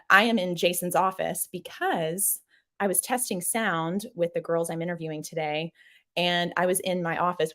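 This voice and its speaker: A young adult woman hosting a casual live stream from a small office, gushing and upbeat as she reads viewer comments. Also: on the low side. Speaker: host.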